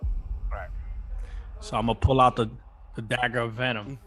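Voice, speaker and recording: A man's voice: mid-range voice, steady tone, normal speed, a bit bright, faint music behind. A man playing in a tabletop game, speaking bluntly and threatening a captive in character. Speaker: player. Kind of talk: casual tabletop game chat.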